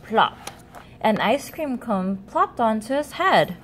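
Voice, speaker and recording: A woman reading a children's picture book aloud as storyteller, in an animated, expressive way. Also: on the high side, takes it slowly, slight background noise.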